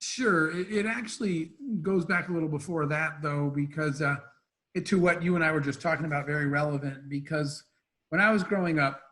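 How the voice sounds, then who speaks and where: Animated storytelling entrepreneur, higher-voiced man. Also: fairly quick. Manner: animated anecdotes with quoted dialogue. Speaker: entrepreneur guest. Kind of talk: storytelling interview talk.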